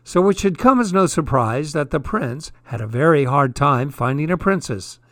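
A man's voice: on the high side, normal speed, no echo. Wry man reading comic fairy tales. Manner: deadpan wry asides. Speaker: storyteller.

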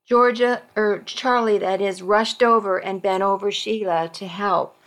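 A woman narrating a story aloud in first person, slow and careful, now and then correcting herself. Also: mid-range voice, steady tone, fairly bright tone.

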